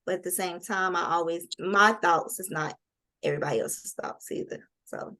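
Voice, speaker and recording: A woman hosting a casual interview, talking in quick animated bursts with colloquial speech. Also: on the low side. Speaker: interview host.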